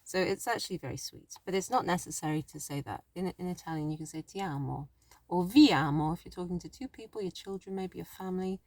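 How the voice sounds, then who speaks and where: Woman teacher, lowish voice, chatty and a bit rambling, dry room. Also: fast, darkish tone, no echo. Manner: chatty, self-correcting, thinks aloud. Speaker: language teacher. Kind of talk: casual spoken lesson.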